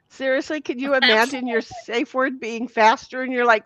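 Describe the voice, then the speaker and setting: High-voiced woman reading chat aloud. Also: takes it slowly, pauses often, a bit bright, dry recording. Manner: bawdy, giggly, teasing. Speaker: livestream host. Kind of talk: casual chat reading viewer comments aloud. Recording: dull lo-fi dry sound.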